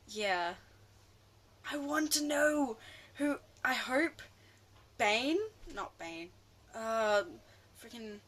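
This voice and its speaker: A woman ranting casually about a film, rambling excitably and often losing her train of thought. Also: mid-range voice, a little hiss or hum. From Australia. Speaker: vlogger.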